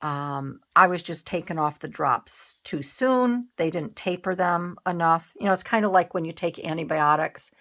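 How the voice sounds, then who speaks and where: Middle-aged woman, slightly low voice, chatty craft vlogger who rambles and restarts. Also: moderate pace, few pauses, fairly bright tone. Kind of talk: casual chat while crafting.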